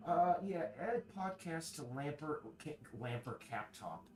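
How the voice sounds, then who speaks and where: A man streaming, chatting casually in a rambling, halting way full of restarts while he works. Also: on the high side, animated, a little hiss or hum. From United States.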